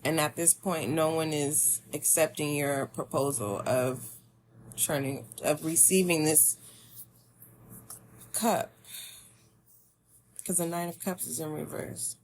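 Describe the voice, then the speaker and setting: A woman's voice: sits low, slow pace, long pauses, a little mellow, slight background noise. A woman giving a spiritual tarot reading, talking to the listener in a meandering, musing way. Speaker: tarot reader.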